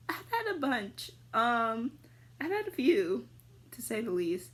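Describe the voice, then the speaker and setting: A young adult woman vlogger casually answering viewer questions, rambling with lots of fillers and jumping into sudden high squeals. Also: very animated, slow, fairly bright tone. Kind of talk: casual chat.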